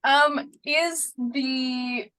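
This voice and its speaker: High bright woman playing d&d, chatty, jokey, rambles a bit. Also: fairly even intonation, very slow, rough recording. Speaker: player. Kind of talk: playing a tabletop game in character.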